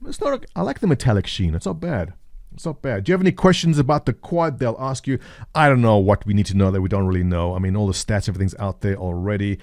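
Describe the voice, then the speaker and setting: A man's voice: on the low side, expressive, fast, a little mellow, no room sound, clean studio sound. A man hosting a casual gaming video, chatting and joking through news and a promo clip with loose fillers. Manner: chatty, jokey, with frequent uh fillers. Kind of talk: casual gameplay commentary.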